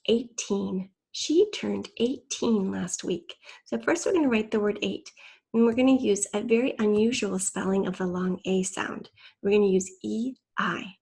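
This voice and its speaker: A woman teacher gives a spelling lesson online, spelling out words letter by letter for young children. Her voice is gravelly and a little husky. She speaks patiently and clearly into a computer mic. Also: medium pitch, fairly even intonation, normal speed, a little mellow.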